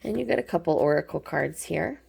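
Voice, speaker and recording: Low, gravelly woman tarot reader; relaxed, chatty, affectionate delivery. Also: brisk, slight background noise. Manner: chatty, informal, frequent ums, affectionate terms. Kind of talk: casual pick-a-card tarot reading.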